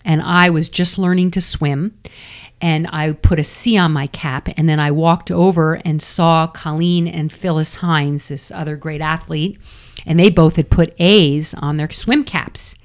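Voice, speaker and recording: A woman's voice: deep voice, measured pace. A middle-aged woman from New York, a former triathlete, telling a candid, self-deprecating story as an interview guest.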